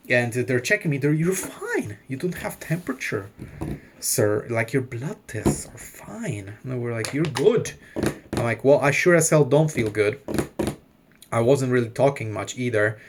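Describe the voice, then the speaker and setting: A man's voice: mid-range voice, a little hiss or hum. A man in his thirties telling a long personal story in a loose, rambling way, full of fillers and swearing. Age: 30s. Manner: rambling, heavy use of "like" and swearing. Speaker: vlogger. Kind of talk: casual storytelling.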